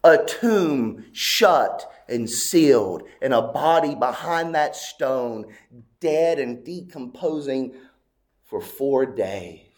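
A man preaching a sermon, telling a story slowly and dramatically, with long pauses and hushed, almost whispered moments. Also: mid-range voice, lively intonation. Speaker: pastor.

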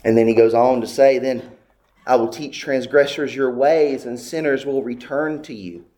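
A male pastor delivering a sermon, with an impassioned, repetitive cadence and a voice that climbs high on heartfelt pleas. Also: moderate pace, mellow.

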